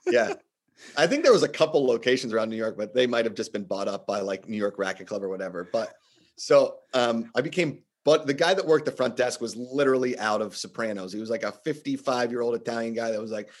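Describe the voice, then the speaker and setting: Guy from the states spinning stories on a podcast, lively, does little voices for people. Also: mid-range voice, fast talker. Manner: animated, acts out quotes with shifting voices. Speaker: podcast guest telling stories. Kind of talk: casual storytelling chat.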